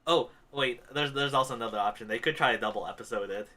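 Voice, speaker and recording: Dude cohosting a podcast, laid back and musing, fairly bright voice. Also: male voice, medium pitch, fast talker. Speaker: podcast co-host. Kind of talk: casual chat.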